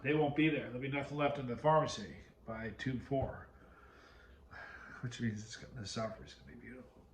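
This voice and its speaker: A man at an everyday middle pitch tells a rambling story to his camera, often breaking off and restarting. The room around him is echoey, with a faint hum of background ambience. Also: brisk. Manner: rambling, self-interrupting storyteller. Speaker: video host.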